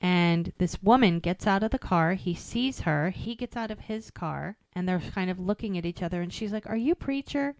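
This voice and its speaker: A woman's voice: on the low side, normal speed, hardly any pauses, darkish tone, no echo. A woman co-hosting a podcast, casually recapping episodes and acting out the characters' lines as she goes. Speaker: podcast co-host.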